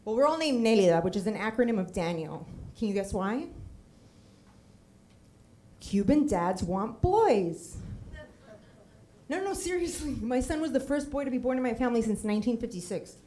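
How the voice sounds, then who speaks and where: Speaking a little high at a moderate pace, this storyteller leaves long pauses. She's a middle-aged woman from Puerto Rico presenting a personal story with slides on stage, funny and animated, prone to tangents and performed quotes.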